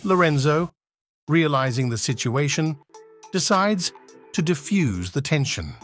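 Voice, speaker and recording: Narrator of a student radio play, measured reading, slightly high-pitched male voice. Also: big pitch swings, a bit bright, faint music behind.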